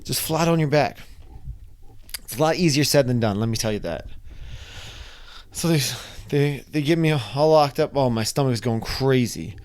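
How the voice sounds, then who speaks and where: A young man casually telling a personal story, animated and acting out his own reactions. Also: mid-range voice, moderate pace, pauses often. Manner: animated, acts out his own screams and quotes.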